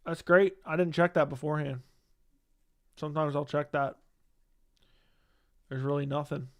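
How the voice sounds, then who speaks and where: At normal speed and with fairly even intonation, a man with a slightly high voice hosts a laid-back livestream. He talks to his chat and launches into indignant rants full of profanity.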